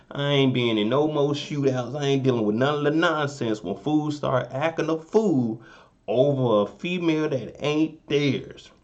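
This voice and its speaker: A young man casually recapping a TV episode in a relaxed, joking way, often asking "you know what I'm saying". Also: medium pitch, dull audio. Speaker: recap vlogger.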